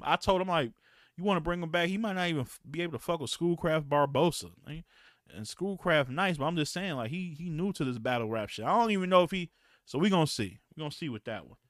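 A man hosting a battle rap podcast, talking in a loose, slangy, profane and rambling way, clearing his throat now and then. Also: on the high side, a bit bright, dry recording, clean studio sound. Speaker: podcast host and battle rap league promoter. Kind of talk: casual podcast talk.

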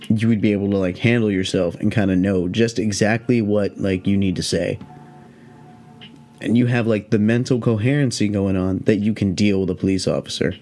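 A young man with a fairly low voice talks straight into a podcast mic. His storytelling is loose and rambling, full of swearing and easy asides. He keeps a relaxed, offhand pace. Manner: rambling, profane, laid-back. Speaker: podcast host. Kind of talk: casual storytelling monologue.

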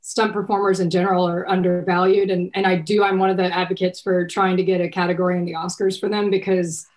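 A woman's voice: fairly low pitch, flat delivery, quick pace, darkish tone. A middle-aged woman from Texas, an actress chatting casually in an interview, rambling with many restarts and fillers. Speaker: actress guest.

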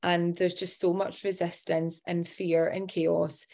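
A woman's voice: lowish voice, little pitch movement, unhurried, creaky, darkish tone. Woman host, encouraging, emphatic, casual podcast chat.

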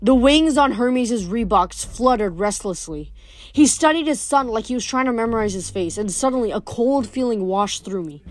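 Brisk woman reading a novel aloud. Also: on the high side, lively intonation. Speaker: reader.

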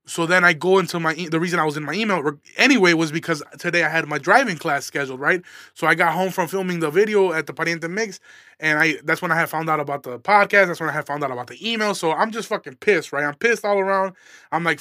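A man's voice: fairly high pitch, fast talker, sharp tone, no room sound, studio quality. A young man from Illinois, a stand-up comedian hosting his podcast, telling a story in a casual, profane, fired-up rant. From Aurora, Illinois, USA.

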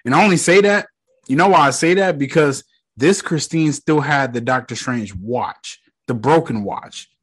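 A young man casually recapping a movie, swearing freely and retelling the scenes with excitement. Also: medium pitch, moderate pace, breathy edge. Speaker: movie reviewer.

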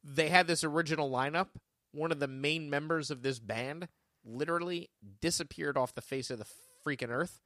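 A man's voice: on the high side, bright, forceful tone, dry recording. Male trivia podcast host, casual and joking, dry close mic. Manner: joking, rambling, quick asides. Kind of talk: casual chat.

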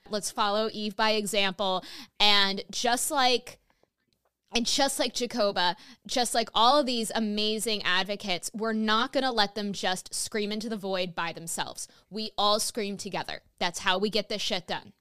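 This young podcast host has a clear, resonant, medium-pitched voice with a bright, forceful tone and a measured pace. She chats casually with her guest in a spirited way, swearing freely.

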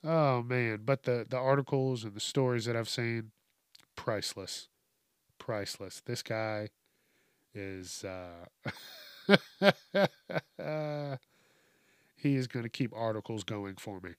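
A man's voice: medium pitch, expressive, slow pace, long pauses, clear, resonant tone, dry recording, studio quality. A man hosting a comedic news show, ranting with heavy swearing and frequent laughter in a mocking tone. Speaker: host. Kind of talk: profane comedic news rant.

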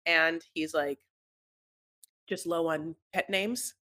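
A woman's voice: deep voice, steady tone, slow pace, pushed and bright. A woman co-hosting a podcast, telling a reality-show recap in a rambling, playful way. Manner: rambling, lots of fillers, playful. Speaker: podcast co-host. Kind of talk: casual recap chat.

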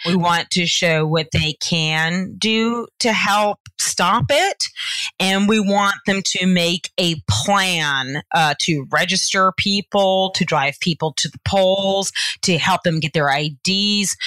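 A woman from Georgia talks in an interview as a party organizer, earnest and animated with quick asides. Her voice sits low but has a bright, forward edge. The recording is close and dry. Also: no room sound, rough recording. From Georgia, US South. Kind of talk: interview conversation.

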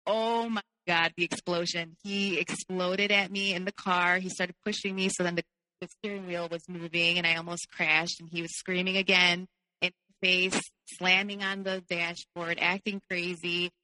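A woman's voice: on the low side, level tone, normal speed, sharp tone, dry recording, big-room sound, low-quality recording. A young woman telling a personal story as a podcast guest in a candid, casual way, with many fillers.

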